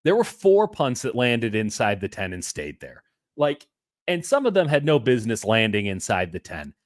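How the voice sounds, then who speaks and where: A man co-hosting a casual sports podcast over a video call, talking in an animated way with playful asides. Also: on the low side, normal speed, dry recording, clean studio sound. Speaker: co-host.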